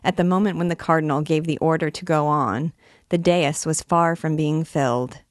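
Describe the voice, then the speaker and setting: A woman reading a classic novel aloud in a measured, expressive way. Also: deep voice, no room sound, clean studio sound. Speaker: reader and teacher.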